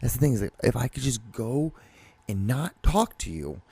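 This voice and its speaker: A man's voice: mid-range voice, very animated, normal speed, creaky, warm tone, slightly rough, dry recording. A young man hosting a podcast, telling a rambling story in casual chat, swearing often and restarting his sentences. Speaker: podcast host.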